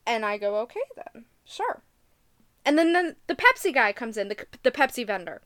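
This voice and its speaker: A woman's voice: on the high side, sing-song, normal speed, fairly bright tone, no echo, clean studio sound. A young woman co-hosting a casual podcast, telling work stories with frequent giggles. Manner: giggly storyteller, reads notes aloud. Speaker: podcast co-host. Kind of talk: casual chat.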